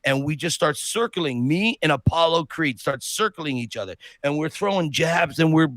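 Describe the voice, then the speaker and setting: A man on a podcast telling an animated personal story, acting out the people he quotes. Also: a little high, normal speed, no echo. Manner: lively anecdote teller who acts out quotes. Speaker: podcast guest.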